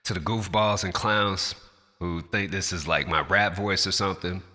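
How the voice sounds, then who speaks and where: A man's voice: deep voice, steady tone, normal speed, bright, forceful tone, big-room sound. A man who raps, speaking straight to camera in a passionate, blunt and profane rant in his natural everyday voice. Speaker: rapper.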